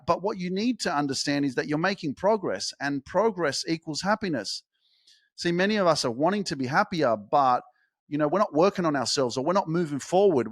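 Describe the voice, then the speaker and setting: A man's voice: fairly high pitch, no room sound, clean studio sound. A man hosting a podcast, giving a blunt motivational monologue full of swearing and repeated emphasis. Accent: Australian. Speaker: podcast host.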